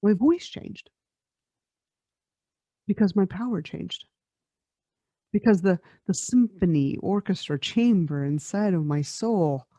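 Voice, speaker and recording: A woman in her forties tells a personal story on her podcast with a reflective, spiritual manner, laughing often. Her voice is mellow and dark-toned at a middle pitch. The recording is dry and a little dull, lo-fi. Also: no room sound. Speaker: podcast host and life coach.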